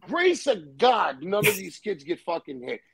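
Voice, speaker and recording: A man's voice: high-pitched, wildly swooping pitch, a little slow, creaky, breathy edge. A man telling a profane, rambling story in casual chat. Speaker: storyteller guest. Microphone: live stream call.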